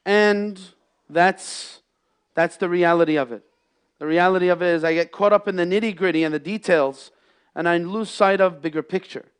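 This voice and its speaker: High-voiced man preaching with passion. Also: normal speed, clean tone. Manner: impassioned, swings between loud emphasis and hushed lows, mixes in Arabic phrases. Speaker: imam giving a Friday sermon. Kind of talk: sermon. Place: mosque prayer hall.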